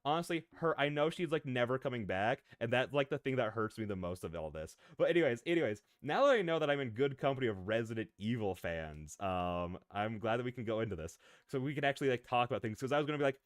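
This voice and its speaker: Male VTuber streamer, mid-pitched, rambling and excitable, dry close sound. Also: fast, hardly any pauses, dry recording. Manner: rambling and excitable, prone to tangents and laughter. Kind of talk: casual live-stream chat, answering viewers.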